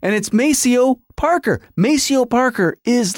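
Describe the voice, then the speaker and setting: A man in his forties telling a story as a podcast host, excitable and acting out songs and quotes. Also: sits high, measured pace, no room sound, studio quality. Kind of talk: animated storytelling.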